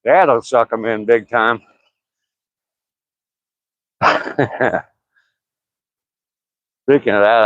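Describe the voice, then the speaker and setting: An older man chats on a live stream as he walks outdoors, cracking jokes and laughing at his own lines. His voice sits at a middle pitch, with dry, slightly dull lo-fi audio. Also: very slow, pauses often, a bit bright, no echo. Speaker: vlogger live streaming a walk. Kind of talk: casual live-stream chat while walking. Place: outdoors on a walking path.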